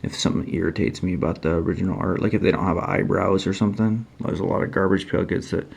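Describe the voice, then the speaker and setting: A man with a low, gravelly voice walks through his trading card sketches in a relaxed show-and-tell. He rambles and thinks aloud, often pausing to criticize his own work.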